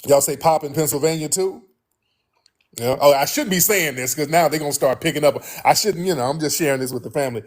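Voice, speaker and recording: A man hosting a show, talking straight to his listeners in a blunt, animated way and often repeating himself. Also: on the high side, fast. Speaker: host. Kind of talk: casual monologue to listeners.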